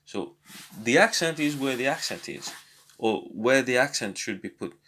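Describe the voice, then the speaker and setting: A man's voice: medium pitch, animated, moderate pace, pushed and bright. Hesitant man teaching a language lesson. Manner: hesitant, many fillers and restarts. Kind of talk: casual spoken lesson.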